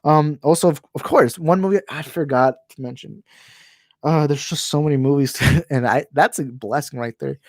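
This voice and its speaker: This channel host speaks in a higher voice at a moderate pace, with no room sound, during a casual home live stream. Holding a handheld mic that he moves closer while talking, he rambles, stumbles, restarts often and repeatedly apologizes for what he thinks.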